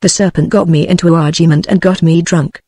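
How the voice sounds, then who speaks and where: A woman's voice: fairly low pitch, steady tone, quick pace, dark tone, husky, no room sound, studio quality. A synthetic British-accented female voice reading the lines of a panicky, whining old sailor, with no change from its narrating voice. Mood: wailing. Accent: British English.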